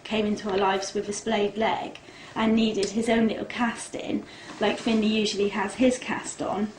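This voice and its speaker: A woman, a mother, talking haltingly in a casual interview. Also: medium pitch, flat delivery. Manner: halting, with fillers. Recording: echoey room with faint noise.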